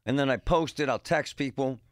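A man's voice: medium pitch, a little fast, no echo, clean studio sound. A middle-aged man hosting a radio show, rambling and joking in a casual monologue with punchy exclamations.

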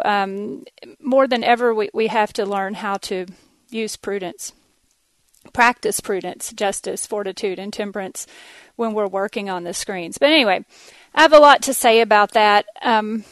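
A woman's voice: mid-range voice, no room sound. A woman with a Texas accent hosting a casual podcast monologue, chatty and laughing often, with plenty of ums and uhs. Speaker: podcast host.

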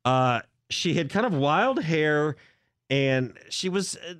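A man's voice: on the high side, expressive, slow pace, fairly bright tone, dry recording, studio quality. A man hosting a casual talk show, telling a story hesitantly with many restarts and asides. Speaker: podcast host.

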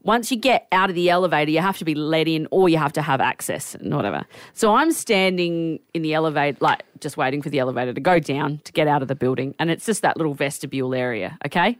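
A woman co-hosting a radio show, telling stories in an animated, chatty way and often laughing. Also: low voice, quick pace, hardly any pauses, dry recording. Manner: animated storytelling with frequent laughs. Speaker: radio co-host. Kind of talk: casual chat.

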